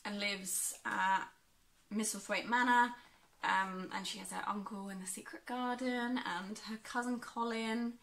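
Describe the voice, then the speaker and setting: A woman's voice: medium pitch, fairly even intonation, a little slow, creaky, a bit bright. A young woman from England chatting casually about books she has read, with frequent ums and a self-deprecating manner. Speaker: book vlogger. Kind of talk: casual book review chat.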